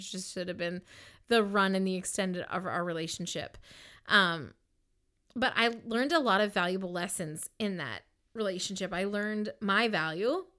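A woman's voice: medium pitch, a bit bright. A woman giving an earnest personal testimony in a casual, heartfelt way, with many fillers like "um" and "like". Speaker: Christian speaker sharing a personal testimony.

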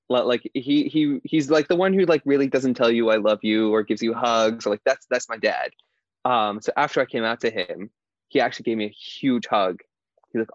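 A young man from Indiana tells a story as a podcast guest. He talks in a loose, chatty way, says "like" often, and laughs as he goes. His voice sits at an ordinary pitch for a man, and the recording sounds dull and dry. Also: no echo. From Indiana, USA. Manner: chatty, heavy use of "like", laughs often while telling. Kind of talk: casual storytelling interview.

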